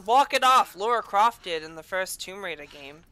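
A woman giving casual gameplay commentary as a let's-play host, sarcastic and profane, with loud outbursts and taunts. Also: mid-range voice, lively intonation, normal speed, a little hiss or hum.

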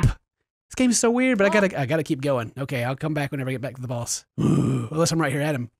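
A man giving jokey, excitable commentary while playing a video game, yelping and laughing at what he sees. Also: on the high side, a little fast, gravelly, dry recording, studio quality. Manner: jokey, yelps and laughs at the screen. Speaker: video game let's-player.

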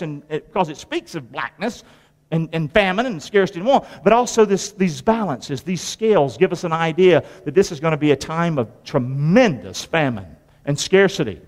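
In a church sanctuary with long hall reverb, a high-pitched male pastor preaches in call-and-response style. He quizzes the congregation and repeats phrases folksily, his emphasis rising and dropping suddenly.

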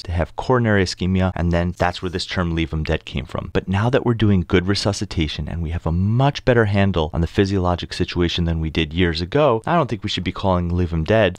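Deep-voiced man teaching critical care. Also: dry recording, clean studio sound. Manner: explanatory, addresses listeners directly. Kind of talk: scripted medical lecture.

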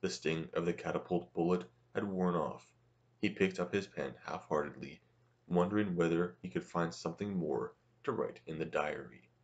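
Deep-voiced man narrating a novel. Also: lo-fi sound. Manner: steady, measured reading. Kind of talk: audiobook narration.

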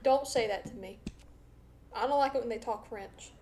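A young woman streams a game, chatting and joking playfully with her viewers. Her voice is high, and a faint noise sits behind her. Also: normal speed, a little mellow. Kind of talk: casual live-stream commentary.

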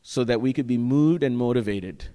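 A man's voice: medium pitch, normal speed, warm tone. A man preaching a sermon as pastor, earnest and exhorting, often checking in with the congregation with "right?". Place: church sanctuary. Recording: long church-hall reverb.

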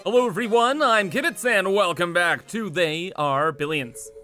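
A man's voice: high-pitched, moderate pace, music in the background. A young man giving playful, hyped commentary over his strategy game. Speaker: gaming YouTuber. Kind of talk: casual gameplay commentary.

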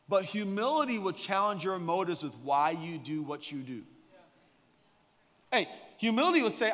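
A man preaching a sermon as a guest pastor, an animated, joking storyteller. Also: high voice, normal speed, in a large hall. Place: church sanctuary.

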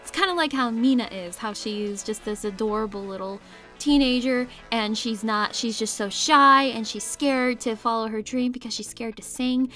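A woman's voice: a little high, normal speed, pushed and bright, soft background music. A woman host rambling casually about her drawings, giggling often and second-guessing herself. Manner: rambling, giggly, self-conscious. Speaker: art channel host. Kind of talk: casual voice-over commentary.

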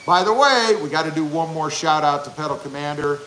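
Chatty guy doing a livestream, reads chat and jokes around, kinda bright higher voice, faint hiss behind. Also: animated, fairly quick. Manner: chatty, self-promoting, jokey asides. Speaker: channel host reading live chat.

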